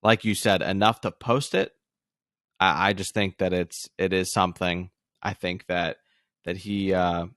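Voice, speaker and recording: A man's voice: low voice, fairly even intonation, a little slow, a bit bright, dry recording, studio quality. A young man co-hosting a casual sports podcast, talking in a loose, rambling way. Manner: rambling, loose, with many restarts. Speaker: podcast co-host.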